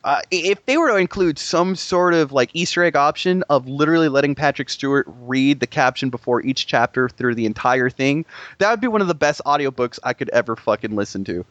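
A young man in casual, profane, rambling chat about video games, excitable and swearing often. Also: medium pitch, fairly quick, no room sound, muffled recording. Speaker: gaming podcast co-host.

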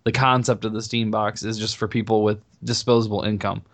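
A man co-hosting a podcast in casual chat, relaxed and hesitant, often repeating words. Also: on the low side, brisk. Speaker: podcast co-host.

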